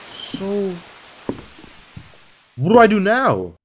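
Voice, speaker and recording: A young man playing a horror game on his channel, jumpy, swinging between nervous muttering and sudden shouts. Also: high voice, wildly swooping pitch, very slow, slight background noise. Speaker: gaming YouTuber. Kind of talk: horror game let's play commentary.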